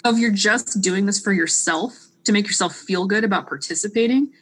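A woman in casual conversation, animated, often acting out what others say. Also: mid-range voice, fairly quick, husky. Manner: animated, quotes people in put-on voices.

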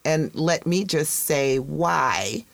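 Unhurried, teasing middle-aged woman co-host who laughs easily. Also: sits low, animated, creaky, no room sound. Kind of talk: casual chat.

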